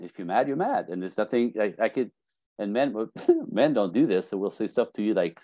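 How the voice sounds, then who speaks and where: A man's voice: on the low side, quick pace, no room sound, dull audio. A man giving relationship advice in a casual interview, acting out little quoted scenes as he tells stories. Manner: animated storyteller acting out quotes. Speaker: relationship coach guest.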